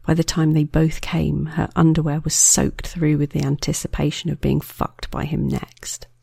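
A narrator reading a scripted erotic story in a measured, unhurried way. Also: medium pitch, flat delivery, vocal fry, mellow, husky, dry recording, clean studio sound.

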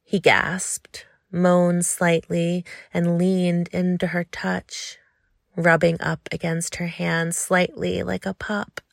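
A woman reading an intimate story aloud in a slow, hushed, lingering way. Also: lowish voice, monotone, creaky, no echo, studio quality. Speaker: narrator.

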